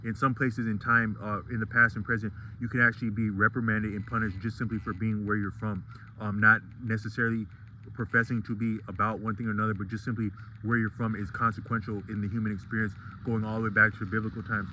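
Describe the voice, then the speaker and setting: Rambling man with a flat, bright voice. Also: lowish voice, fast talker, a little hiss or hum, rough recording. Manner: rambling and digressive, many restarts. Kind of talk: casual vlog monologue.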